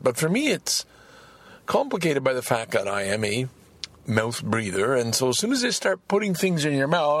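A man recording a personal audio diary as a podcaster, talking frankly in a halting way, repeating words and restarting his sentences. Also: mid-range voice, very animated, no room sound.

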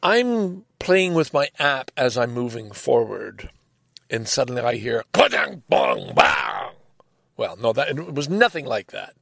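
A man's voice: medium pitch, very animated, a little slow, vocal fry, a bit bright, dry recording, studio quality. An older man telling a rambling, exasperated story in a casual monologue, swearing freely. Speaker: vlogger.

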